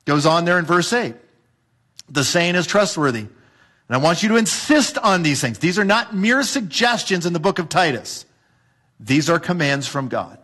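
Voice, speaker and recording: A man preaches to his congregation in a church, his voice sitting a little high. He hammers his points with repetition and rhetorical questions. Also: lively intonation, normal speed, a bit bright. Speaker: pastor. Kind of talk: sermon.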